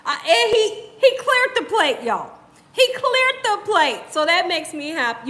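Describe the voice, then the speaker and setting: A woman's voice: extremely high pitch, sing-song, normal speed, fairly bright tone. A middle-aged woman hosting a cooking channel, chatting casually on a livestream, laughing often and repeating herself for emphasis.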